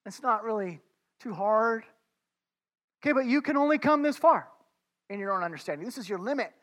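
A man's voice: high voice, lively intonation, brisk, fairly bright tone. A man preaching a conversational sermon, talking informally to his listeners as friends and often restarting his words.

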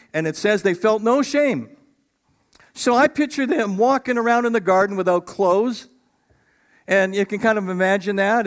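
A middle-aged man preaching a sermon as pastor, animated and acting out voices of biblical figures. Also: high-pitched.

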